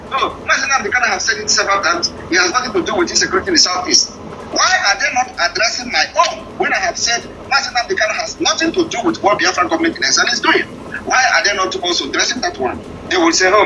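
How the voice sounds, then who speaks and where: Defiant man giving a lively, high-pitched speech. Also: noisy background. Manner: defiant, accusing, rhetorical questions. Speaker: political activist addressing opponents. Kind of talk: impassioned speech on a live audio space.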